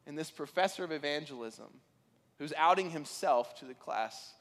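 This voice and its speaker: A man preaching a sermon, telling stories in an animated way that rises to excited peaks. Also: a little high, normal speed, in a large hall. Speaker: pastor.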